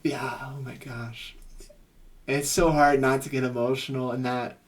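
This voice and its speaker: Male therapist, mid-pitched voice, earnest and gushing reaction commentary. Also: level tone, a little slow. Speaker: psychotherapist reacting to music.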